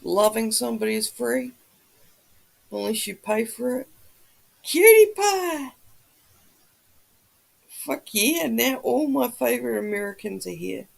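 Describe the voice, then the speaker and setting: A woman's voice: a little high, moderate pace, creaky, rough recording. A woman hosting a casual livestream, chatting with viewers and reading the chat, swearing freely as she talks. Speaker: livestream host.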